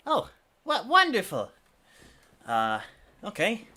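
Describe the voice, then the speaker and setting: A man's voice: fairly high pitch, normal speed, heavily acted. A man voicing a small, friendly male shopkeeper who is an eager salesman with a chirpy manner. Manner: chirpy, eager, rising excitement.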